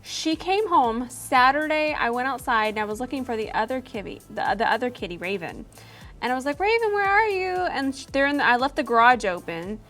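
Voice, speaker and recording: A woman's voice: fairly high pitch, a bit bright, faint music behind. A young woman vlogger chatting and telling a story while doing her makeup, chatty and giggly. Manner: chatty and giggly, quick storytelling with quoted asides. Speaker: beauty vlogger.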